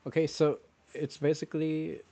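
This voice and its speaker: A man streaming a video game, musing philosophically in halting, rambling phrases between pauses. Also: on the high side, flat delivery, dark tone. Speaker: gaming streamer. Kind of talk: reflective gameplay commentary.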